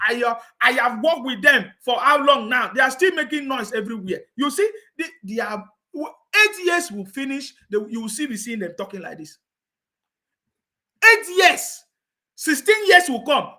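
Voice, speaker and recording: This political commentator's very high-pitched voice sounds pushed and bright as he goes on a scornful, insistent online rant. He laughs mockingly and checks in with his viewers again and again.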